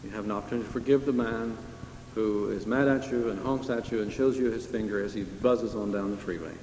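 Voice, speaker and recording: A man's voice: lowish voice, fairly even intonation, a little fast, a little mellow, a little hiss or hum. A man preaching a sermon in a conversational, emphatic way, asking his listeners questions. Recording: echoey hall with long reverb.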